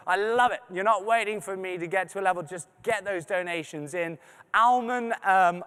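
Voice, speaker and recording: A man with a high, smooth, resonant voice runs a live charity appeal, reading donor names and thanking each one. He slips in joking asides between the names. His voice rings out with a long reverb through a large hall. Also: a bit bright. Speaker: fundraising appeal host. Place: large arts center venue.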